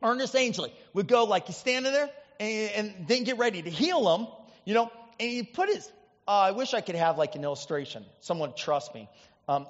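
A male pastor from the US Midwest preaches in a chatty, animated storytelling style full of asides. His voice is high. It echoes with a long church-hall reverb, and the recording is dull. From Indiana, US Midwest. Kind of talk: storytelling sermon.

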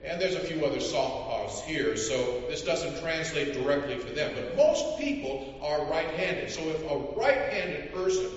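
Pastor preaching in an echoey church. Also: male voice, fairly high pitch, expressive, slight background noise. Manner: measured, rhetorical questioning. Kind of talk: sermon. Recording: echoey church hall from far off, dull.

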